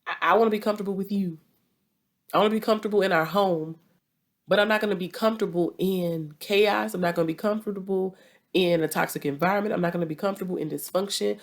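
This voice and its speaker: A woman's voice: medium pitch, steady tone, fast. A woman with a Southern US accent hosting a relationship advice talk, speaking directly and repeating points for emphasis. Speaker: relationship advice podcast host.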